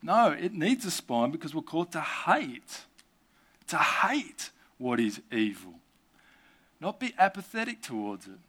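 A man's voice: fairly high pitch, big pitch swings, unhurried, fairly bright tone, slightly rough. A man preaching a sermon to a church gathering, earnest and conversational, with casual asides.

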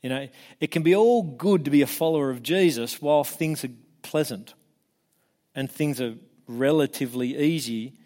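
A man preaching a sermon in an animated way, acting out the voices he quotes and often restarting his words. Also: fairly high pitch, moderate pace. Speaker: pastor.

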